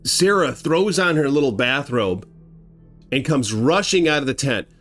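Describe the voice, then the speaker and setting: A man telling a grim story casually, animated and conversational, acting out sounds as he goes. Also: mid-range voice, unhurried, soft background music.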